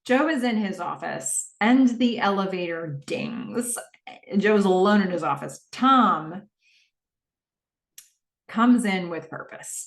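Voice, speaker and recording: A woman's voice: mid-range voice, animated, slow pace, creaky. Chatty woman recapping a TV show. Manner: chatty, acts out lines of dialogue. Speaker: podcast host. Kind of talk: casual TV episode recap. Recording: echoey room, distant mic.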